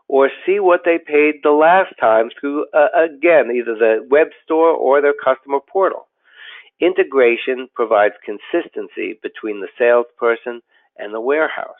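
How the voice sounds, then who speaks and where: A man, a company president, giving a scripted business webinar in a steady, explanatory way with occasional fillers and restarts. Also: mid-range voice. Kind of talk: scripted webinar presentation over slides. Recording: tinny phone-like audio.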